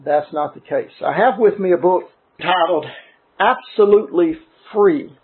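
A man preaching a sermon, reading scripture and quotes, slowing down and stressing key words. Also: high-pitched, husky. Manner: emphatic, deliberate, slows on key words. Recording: tinny phone-like sound.

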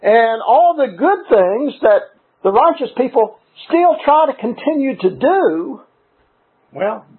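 A man preaching a sermon, reading scripture and quotes, slowing down and stressing key words. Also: very high-pitched, breathy edge. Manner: emphatic, deliberate, slows on key words. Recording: tinny phone-like sound.

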